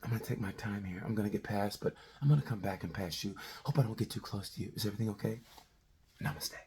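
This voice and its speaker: A man putting on the voice of a calm, overly gentle male racer who speaks softly and politely. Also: lowish voice, fast, pitched below the performer's own voice, lightly acted. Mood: serene. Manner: soft, hushed and polite.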